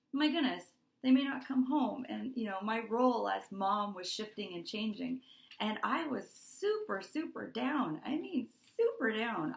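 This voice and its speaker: A woman's voice: mid-range voice, vocal fry, a bit bright, reverberant. A middle-aged woman talking as a wellness coach to her course members, earnest and heartfelt, repeating words for emphasis. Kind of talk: motivational talk to course members.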